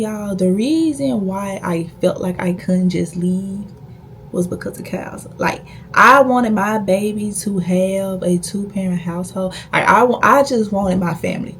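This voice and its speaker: A woman's voice: mid-range voice, gravelly, a little hiss or hum. A young woman vlogger telling a personal story in a blunt, profane, emphatic way. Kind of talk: casual storytime.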